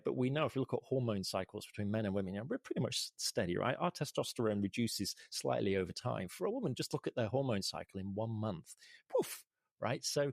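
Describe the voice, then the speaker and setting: A man's voice: lowish voice, vocal fry, dry recording, clean studio sound. A man speaking as a podcast interview guest, emphatic and full of rhetorical questions.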